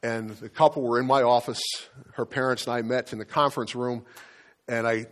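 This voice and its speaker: A man's voice: medium pitch, fairly even intonation. Earnest male pastor telling a story. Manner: earnest, halting storytelling with restarts. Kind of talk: sermon with personal story. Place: church.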